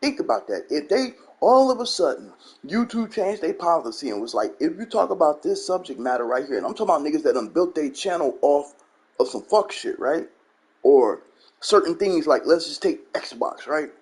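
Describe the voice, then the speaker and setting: A man's voice: a little high, animated, moderate pace, breathy edge. A man hosting his gaming channel, ranting bluntly and profanely in a commentary monologue and repeating his catchphrases. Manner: blunt, profane, repeats "you know what I'm saying".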